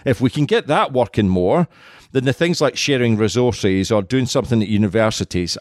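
A man's voice: lowish voice, no room sound, clean studio sound. A man from Scotland co-hosting a podcast, chatting casually and joking. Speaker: podcast co-host. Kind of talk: casual chat.

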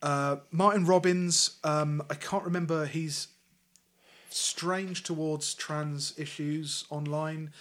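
Sarcastic, sweary podcast host. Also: male voice, on the high side, fairly even intonation, slow, a bit bright. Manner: sarcastic, sweary, with many restarts. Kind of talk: casual political chat.

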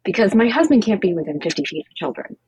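A woman's voice: mid-range voice, quick pace, lo-fi sound. A woman guest on a podcast, telling her story with candor, acting out the dialogue and filling it with "like". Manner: animated, acts out quoted dialogue with frequent "like" fillers. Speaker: podcast guest, cancer coach. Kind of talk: candid storytelling conversation.

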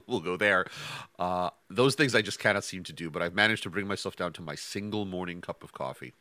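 A man's voice: low-pitched, a little fast, bright, forceful tone, no echo. A man co-hosting a podcast in casual chat from his home office, talking with stammering restarts and self-deprecating chuckles. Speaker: podcast co-host.

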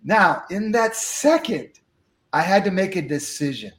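A man telling a story from his life as an interview guest, acting out the dialogue with lively energy. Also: sits high, unhurried, echoey room. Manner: animated, acts out dialogue. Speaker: guest speaker.

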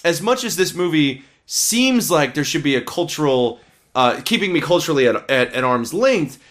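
A man's voice: mid-range voice, fairly bright tone. A man co-hosting a casual podcast, rambling and opinionated as he reviews films, swearing freely. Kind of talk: casual chat.

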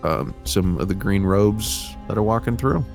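A man narrating as game master of a tabletop role-playing game, describing scenes in a relaxed, halting way. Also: lowish voice, gravelly, soft background music.

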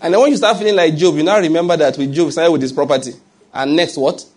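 A Nigerian-accented male pastor delivers a sermon in a slightly raised, husky voice. He asks his listeners rhetorical questions and drops in humor as he preaches. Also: on the high side, fast.

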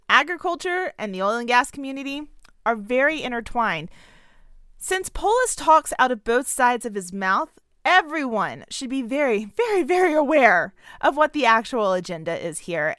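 A Southern woman gives a sarcastic, punchy opinion commentary in a bright, crisp voice. She sits fairly high for a woman, and the recording is dry and close. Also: dry recording. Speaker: political commentator.

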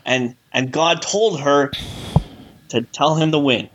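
A man's voice: on the high side, slow pace, fairly bright tone, muffled recording. A man co-hosting a casual film discussion, joking and rambling with fillers.

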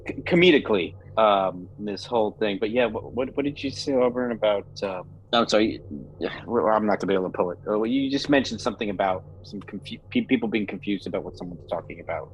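A man's voice: fairly low pitch, quick pace, lo-fi sound. A man co-hosting a casual chat, hesitant and often trailing off and restarting. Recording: faint background noise.

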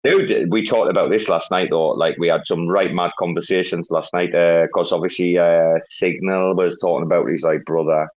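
A man's voice: deep voice, fairly even intonation, normal speed, hardly any pauses. A man hosting a casual online chat, rambling and swearing through banter. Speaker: host. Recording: dull lo-fi online audio.

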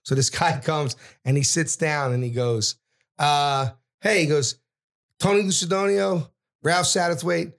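A middle-aged man, telling a story as a podcast guest and acting out every character in loud, brash voices. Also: on the high side, a little slow. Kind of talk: animated storytelling.

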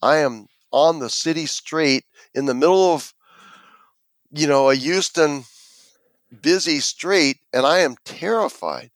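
A man tells a story with animation and acts out the quoted voices as he goes. His voice sits a little high for a man, and the sound is dry and close to the mic, with no room echo. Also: a little slow. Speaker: interview guest.

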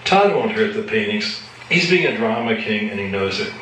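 A man reading his own fiction aloud at a live event, in a measured, matter-of-fact way. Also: fairly low pitch, sing-song, a bit bright, recorded from a distance, slight background noise. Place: live reading at an evening gathering. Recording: echoey room from afar.

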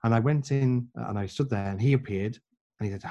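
A man, a guest telling a long personal story in an earnest, animated way. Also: mid-range voice, fairly quick, muffled recording. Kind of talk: storytelling in conversation.

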